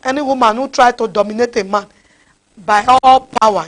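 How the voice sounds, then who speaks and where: Nigerian lady preacher, high voice, scolding hard and firing off questions. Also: a little fast. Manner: scolding, repeated rhetorical questions. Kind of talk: fiery sermon.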